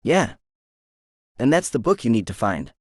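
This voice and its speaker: A man's voice: medium pitch, sing-song, normal speed, no echo, studio quality, lightly acted. A man voicing a cocky young man who speaks confidently, with a teasing edge. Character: cocky young man, smug but tender.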